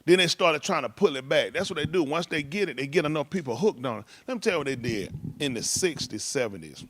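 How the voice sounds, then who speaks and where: A man with a fairly high voice and lively intonation tells stories fast in casual talk, with slight background noise. He rambles loosely, breaks into laughs, and shouts out impressions.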